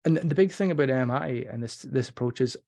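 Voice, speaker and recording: A man hosting a psychology podcast, explaining his approach in a relaxed conversational way and acting out short example dialogues. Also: medium pitch, fast, creaky. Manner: explanatory, acts out example dialogue, frequent restarts. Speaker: podcast host and motivational interviewing trainer. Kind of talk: conversational teaching.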